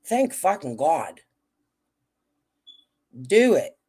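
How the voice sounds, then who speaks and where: A woman with a fairly low voice hosts a casual livestream. She talks bluntly and swears often as she answers her chat. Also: very animated, very slow, dark tone, slightly rough. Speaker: livestream host.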